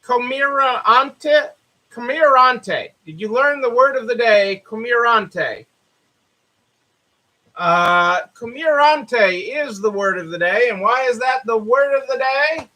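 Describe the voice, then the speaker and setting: A man's voice: very high voice, expressive, slow, pushed and bright, rough recording. A man hosting a casual live stream for store owners, who greets viewers by name and repeats his phrases. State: hiccups. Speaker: livestream host for store owners.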